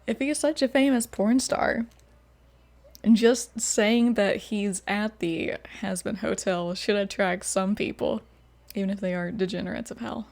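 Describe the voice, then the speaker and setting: A woman's voice: mid-range voice, unhurried, gravelly, a little mellow. A woman hosting a reaction video, chatting casually and laughing often. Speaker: host. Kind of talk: reaction commentary.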